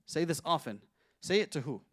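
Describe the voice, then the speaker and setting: A sheikh teaching an interactive Quran lesson in a conversational way, asking his listeners questions and reciting Arabic verses quickly. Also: fairly high pitch, animated, no room sound, studio quality.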